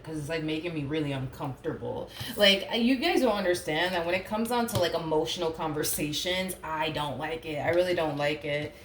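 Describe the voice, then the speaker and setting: A low-pitched woman talking at normal speed offers a casual tarot reading, chatty and filler-heavy, and says she doesn't like getting emotional. The recording sounds roomy with a little hiss or hum.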